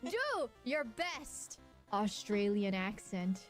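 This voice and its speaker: A woman's voice: mid-range voice, sing-song, slow pace, soft background music. A woman running challenges in a stream clip, teasing and announcer-like. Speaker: challenge host in a played clip. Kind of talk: playful stream banter.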